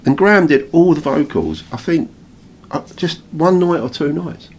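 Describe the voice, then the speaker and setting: A man with an English accent, co-hosting a radio show and telling anecdotes in a casual, animated way with frequent laughs. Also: a little high, normal speed, slight background noise. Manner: storytelling, animated, laughs often. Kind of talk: casual reminiscing chat.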